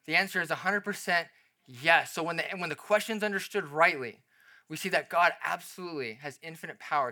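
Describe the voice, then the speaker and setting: A man preaching a sermon as pastor, emphatic and animated, asking rhetorical questions and lowering to a quiet tone for reassurance. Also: a little fast.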